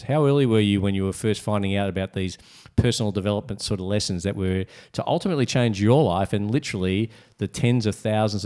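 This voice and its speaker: Low-voiced male interview host. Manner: long, flattering summarizing questions. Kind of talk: interview questions.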